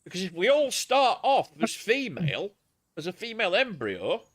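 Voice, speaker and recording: A man's voice: high-pitched, huge pitch swings, normal speed, fairly bright tone. A man, streaming a game and rambling crudely in casual chat.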